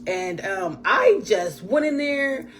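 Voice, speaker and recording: Chatty woman podcast host, throat-clearing. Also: mid-range voice, expressive, slow pace. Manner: churchy phrases, talks to absent guest. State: voice often strained. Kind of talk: casual solo chat about faith.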